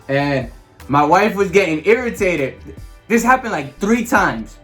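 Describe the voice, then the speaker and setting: A man's voice: high-pitched, animated, moderate pace, a bit bright, soft background music. A man casually telling a birth story as a vlogger, playful and acting out quotes. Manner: playful, acts out quoted voices.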